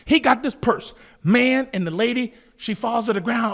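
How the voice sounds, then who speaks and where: A man from Southern California telling a street story in an animated, profane, laughing way. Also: extremely high pitch, moderate pace, hardly any pauses. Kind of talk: casual story told to camera.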